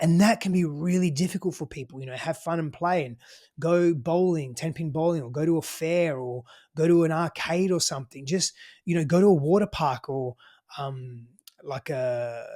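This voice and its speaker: A man with an Australian accent, speaking in a slightly higher register than most men. He talks as a podcast guest, casual and emphatic, swearing freely and peppering his points with "you know" and "right?". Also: darkish tone. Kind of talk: casual conversational advice.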